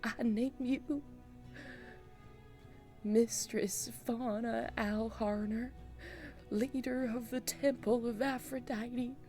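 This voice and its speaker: A woman voicing a theatrical woman who fakes a saintly death, speaking slowly and melodramatically. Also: on the high side, fairly even intonation, dark tone, faint music behind, voice pushed up. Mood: solemn. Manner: slow, solemn, melodramatic.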